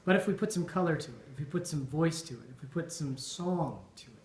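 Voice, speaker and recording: A man's voice: on the high side, expressive, quick pace, a little mellow, a little hiss or hum. A man giving an informal after-dinner toast, thoughtful and full of ums and restarts. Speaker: toast speaker at a Burns supper. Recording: echoey dining hall.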